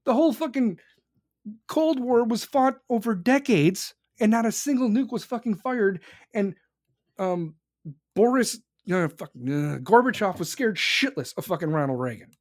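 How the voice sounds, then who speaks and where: In a dry, studio-quality recording, a young podcast host delivers an angry political rant full of profanity, heated and emphatic. His voice is high-pitched with lively intonation, and he keeps a measured pace.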